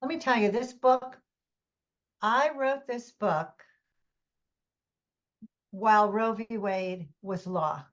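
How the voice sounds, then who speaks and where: A woman's voice: mid-range voice, slow, long pauses, muffled recording. A woman novelist talking as a guest, friendly and explaining with easy laughs. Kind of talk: casual interview chat.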